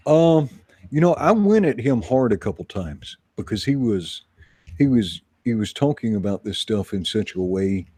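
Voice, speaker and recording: A man's voice: fairly low pitch, very animated, moderate pace, a little mellow, husky, dry recording. A man hosting a casual online chat, rambling and self-deprecating. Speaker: host.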